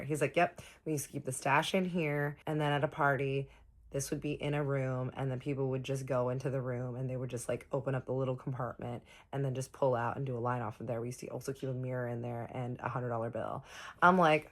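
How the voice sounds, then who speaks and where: A woman's voice: very deep voice, brisk, fairly bright tone. A woman, chatting casually through a storytime and quoting others in her own voice.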